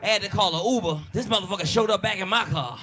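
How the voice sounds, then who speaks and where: Brash high-voiced stand-up comedian with Baltimore accent. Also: male voice, fast. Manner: loud, brash, profane crowd work. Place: diner comedy show with live audience. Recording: noisy crowd in a diner. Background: audience laughter.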